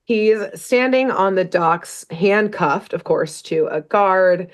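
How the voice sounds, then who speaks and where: Chatty woman podcast host, middle pitch. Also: expressive, slow pace. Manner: chatty, rambling storyteller with laughs and asides. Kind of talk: casual chat recapping a cartoon.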